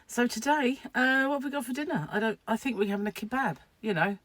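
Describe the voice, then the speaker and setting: A woman's voice: on the high side, fast talker, fairly bright tone, no room sound. A woman chatting casually to camera at home, rambling and laughing at her own asides. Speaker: crochet vlogger.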